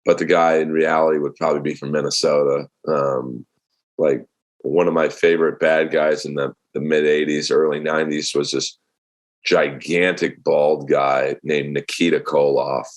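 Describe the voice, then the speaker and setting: Male comic guest, deep voice, rambling and easygoing with lots of fillers. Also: normal speed. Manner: relaxed storytelling with many fillers. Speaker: stand-up comedian guest. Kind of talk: casual interview talk.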